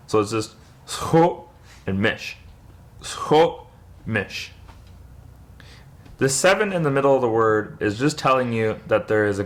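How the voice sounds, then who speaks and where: A man's voice: lowish voice, a bit bright. A young man teaching a word's pronunciation in a patient lesson, repeating each sound for the listener to copy. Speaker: language teacher.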